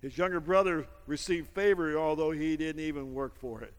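A man's voice: a little high, moderate pace, smooth. Fervent preaching man, reverberant sanctuary. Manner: fervent preaching with frequent amens and call-and-response. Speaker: pastor. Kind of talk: sermon. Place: church sanctuary during a service. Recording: long hall reverb with music behind.

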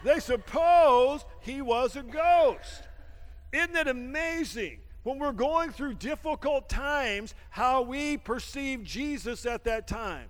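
A man preaching a lively sermon, laughing often and swinging from shouts down to hushed asides, with a folksy habit of saying "man.". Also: very high voice, slow pace, long reverb tail. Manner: folksy, calls everyone "man". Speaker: pastor.

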